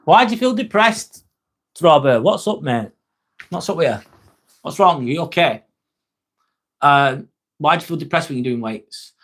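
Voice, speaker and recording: A man's voice: a little high, animated, moderate pace, long pauses, fairly bright tone. A man hosting a casual livestream, chatting with viewers, joking and swearing as he answers their messages. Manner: chatty, jokey, swears, talks straight to viewers. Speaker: livestream host reading chat. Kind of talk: casual live-stream chat.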